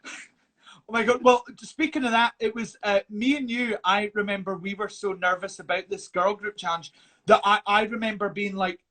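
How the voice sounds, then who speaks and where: A man's voice: high-pitched, fairly even intonation, moderate pace, bright, forceful tone. A man in casual live chat, playful and teasing, who swears freely and calls his friend babes.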